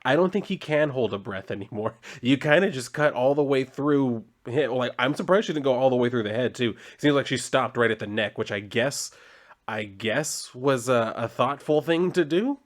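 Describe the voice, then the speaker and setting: A man's voice: medium pitch, animated, moderate pace. A man talking casually and jokingly while reviewing a comic book, with lots of fillers. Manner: chatty, joking, many fillers.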